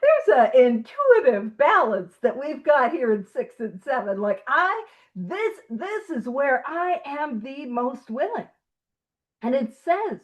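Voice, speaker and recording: A woman with a high voice leads a recovery study group over a video call. She talks in a loose, animated way and pokes fun at herself, often laughing as she goes. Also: slow. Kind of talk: casual teaching chat.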